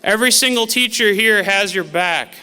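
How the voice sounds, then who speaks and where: At a moderate pace, the teacher's high voice comes across sharp and clean as he addresses the graduating students. It's a formal, motivational commencement speech sprinkled with famous quotes, and the large auditorium adds long reverb.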